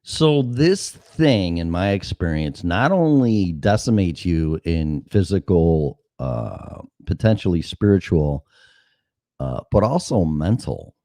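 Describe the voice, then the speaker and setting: A middle-aged man with a low voice rambles through a profane personal story. His pitch leaps and dives as he talks. The sound is dry and close. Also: very animated, slow, mellow, dry recording. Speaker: show host. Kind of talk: casual monologue.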